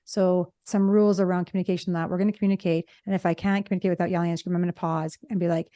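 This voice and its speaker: A woman couple therapist co-hosting a podcast, talking in an animated way and acting out example lines, recorded in her office. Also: on the low side, racing, no room sound. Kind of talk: casual conversational podcast chat.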